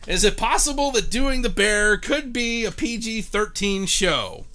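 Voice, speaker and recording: A man's voice: sits high, expressive, measured pace, pushed and bright. A man in his thirties hosting a live-streamed game show, joking and chatting with viewers by name.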